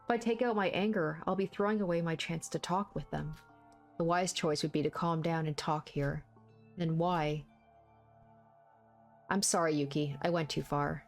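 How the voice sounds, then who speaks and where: A woman's voice: low-pitched, moderate pace, long pauses, faint music behind. Woman reading a cutting, cold teenage girl. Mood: brooding. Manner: calm, biting put-downs.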